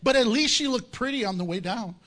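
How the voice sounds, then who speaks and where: Preaching with an animated story, this pastor mixes in jokes and acts out what the characters say. His voice is extremely high-pitched and a little fast.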